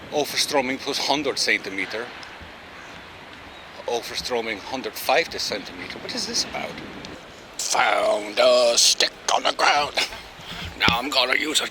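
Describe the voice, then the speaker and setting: This is a casual walking vlog: the man wanders through town and a park, loudly joking and cursing into a handheld camera. His voice booms. Traffic, trams and street sounds are audible throughout.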